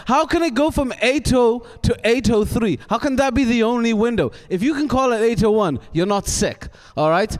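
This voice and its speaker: Young Welsh-born stand-up, cantankerous ranter, slightly high, smooth resonant voice, stammers on restarts. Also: male voice, in a large hall. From Wales. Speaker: stand-up comedian. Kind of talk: stand-up comedy set. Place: theatre stage before a live audience.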